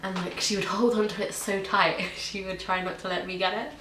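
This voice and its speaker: A woman's voice: mid-range voice, level tone, a little fast. A young woman from Britain or Ireland chatting casually about her pets in a home vlog, with lots of ums and likes. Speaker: vlogger. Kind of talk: casual pet tag video. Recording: echoey room with faint hiss.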